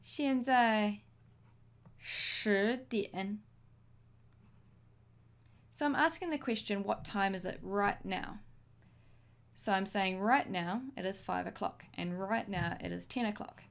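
A woman teaching a language lesson, modelling each phrase slowly and clearly for learners to repeat. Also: mid-range voice. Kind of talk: slow, deliberate language lesson.

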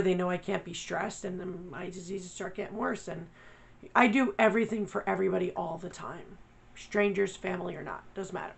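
A woman's voice: medium pitch, gravelly, a bit bright, rough recording. A woman vlogger talking candidly, blunt and profane, venting her frustration. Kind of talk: candid personal vlog.

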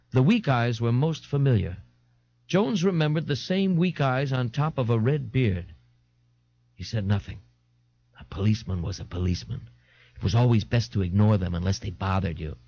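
Expressive male reader for a comic novel, lively delivery, lo-fi. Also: mid-range voice, normal speed, dry recording. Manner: expressive, animated. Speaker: audiobook narrator. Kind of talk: dramatic audiobook reading. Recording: dull lo-fi 1980s audiobook tape.

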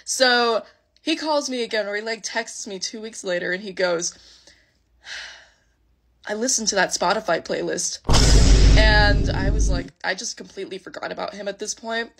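A woman's voice: medium pitch, moderate pace, creaky, slight background noise. A young woman casually telling a long dating story, full of fillers and quoted lines. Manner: chatty, full of "like" and acted quotes. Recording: loud music behind voice.

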